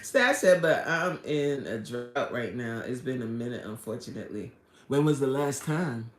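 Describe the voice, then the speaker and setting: A woman's voice: a bass voice, moderate pace. Woman host, casual live-stream chatter, reads chat aloud, laughs a lot, roomy sound. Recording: echoey room.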